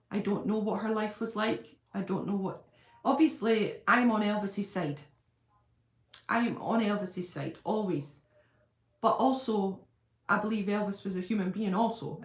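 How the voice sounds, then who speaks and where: Chatty woman in a roomy room. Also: mid-range voice. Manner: chatty, rambling, reads out viewer comments. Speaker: channel host. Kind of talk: casual live-stream chat. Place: at home. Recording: roomy echo.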